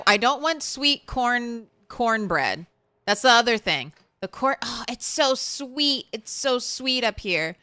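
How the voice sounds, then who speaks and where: Southern-raised woman streamer, unhurried, clear smooth voice, blunt and chatty with viewers. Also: mid-range voice, bright, forceful tone, no room sound. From Southern United States. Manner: chatty, answers chat with blunt swearing and laughs. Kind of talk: casual chat while streaming a game.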